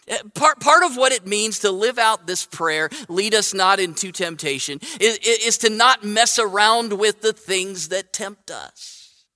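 High bright pastor in a reverberant church. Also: male voice. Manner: conversational, self-correcting, asks "right?" often. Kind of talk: sermon with a read-aloud children's story. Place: church sanctuary. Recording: long hall reverb.

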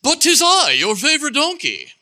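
A man doing a prim, proper donkey in a storybook skit, speaking in a put-on British accent. The voice sits high and swings lively up and down. Its bright tone keeps the refinement comic. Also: normal speed, heavily acted. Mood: indignant. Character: talking donkey, male, polite and distinguished.

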